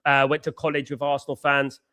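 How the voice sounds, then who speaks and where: A man's voice: medium pitch, monotone, brisk, pushed and bright, smooth. A young man from England, hosting a live football stream and ranting passionately, with mocking jabs at rival fans. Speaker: football channel host.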